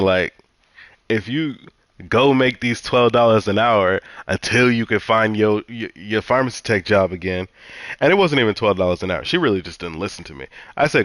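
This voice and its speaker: A man with a lowish voice vents about his life in a casual monologue, cursing constantly and circling back over the same points as he gets worked up. The sound is dry and close, with no room around it. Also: fairly bright tone, no echo. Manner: profane, heated, repetitive storytelling. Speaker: vlogger telling a personal story.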